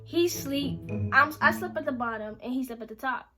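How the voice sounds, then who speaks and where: A woman's voice: high-pitched, normal speed. A young woman vlogger telling a storytime in a casual, slangy way, acting out the lines of the people in her story. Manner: animated, slangy storytelling with quoted dialogue. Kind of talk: storytime vlog. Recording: music playing under the voice.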